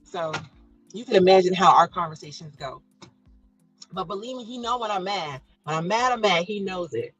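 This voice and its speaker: A bright, clear-toned middle-aged woman talking casually to her live chat audience. She laughs easily and enunciates each syllable, with soft music playing faintly behind her. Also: on the low side, expressive, normal speed, poor audio. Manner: chatty, laughing, pronounces every syllable. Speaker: livestream host reading chat.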